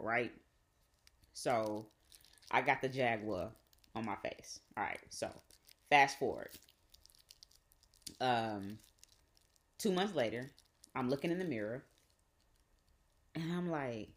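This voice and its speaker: A woman with a Southern US accent, hosting a podcast and telling a personal story in a profane, animated way with repeated phrases. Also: extremely low pitch. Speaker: podcast host. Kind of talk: casual storytelling.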